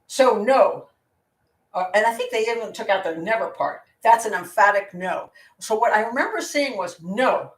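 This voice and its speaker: A woman's voice: mid-range voice, lively intonation, moderate pace. A woman hosting a live Q&A as a criminal profiler, talking casually in a blunt, opinionated way, rambling and restarting her sentences. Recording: roomy sound from a distant mic.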